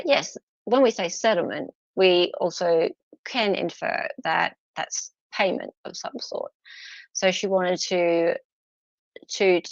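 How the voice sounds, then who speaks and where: A woman's voice: lowish voice, gravelly, no room sound, dull audio. An Australian woman hosting a casual live stream about a court trial, chatting and laughing with her viewers. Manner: chatty, laughs often, answers chat viewers; mocks posh barristers in put-on voices.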